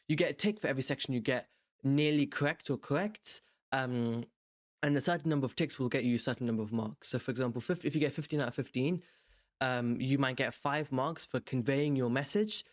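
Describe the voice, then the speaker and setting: A young man tutoring, walking through an exam question in a relaxed, rambling way with many ums and self-corrections. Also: mid-range voice, fairly quick, dry recording, highs cut off. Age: young adult. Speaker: language tutor. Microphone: desk microphone beside a webcam.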